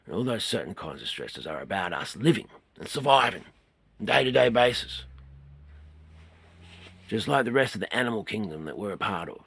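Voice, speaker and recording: An Australian man talking in an earnest, rambling way, trailing off quietly and then swelling suddenly. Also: on the low side, sing-song, fairly quick, creaky, long pauses, slightly rough, no room sound. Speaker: host. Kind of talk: rambling spoken talk.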